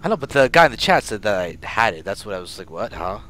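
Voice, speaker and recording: Excitable young male game caster. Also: lowish voice, rapid-fire. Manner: excitable, bursts louder at big moments. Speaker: esports caster and stream host. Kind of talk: live game commentary. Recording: faint background noise.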